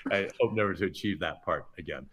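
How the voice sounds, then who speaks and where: A middle-aged chef, a man, telling self-mocking anecdotes in a podcast interview, full of quick asides. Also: sits low, fairly bright tone, slight background noise. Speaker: chef guest.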